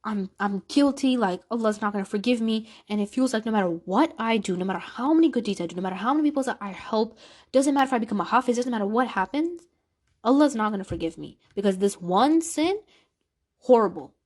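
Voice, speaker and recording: A woman's voice: on the high side, animated, fast talker, a little mellow. A woman vlogger sharing an emotional personal faith story, earnest, repeating phrases for emphasis. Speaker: Islamic vlogger.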